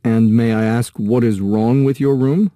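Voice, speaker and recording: Man voicing a calm, deferential hotel clerk; mellow voice, dry close read. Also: mid-range voice, a little slow, no room sound, lightly acted. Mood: polite. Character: polite male hotel clerk, unflappable. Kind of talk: textbook dialogue recording.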